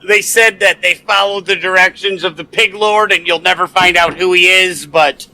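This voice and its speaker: A man's voice: high-pitched, fairly even intonation, moderate pace, bright, forceful tone, poor audio. A man narrating a tabletop game as game master, loose and full of fillers.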